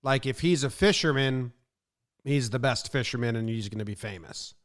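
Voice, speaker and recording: A man's voice: mid-range voice, normal speed. Casual podcast co-host, man, rambling and chatty, plain mid-range voice. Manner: chatty, rambling, with fillers like "you know". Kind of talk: casual comedic podcast chat.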